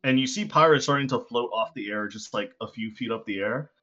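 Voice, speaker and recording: A man's voice: medium pitch, fairly quick, pushed and bright. A man running a tabletop game as game master, narrating casually with lots of fillers. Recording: dull lo-fi recording with faint music.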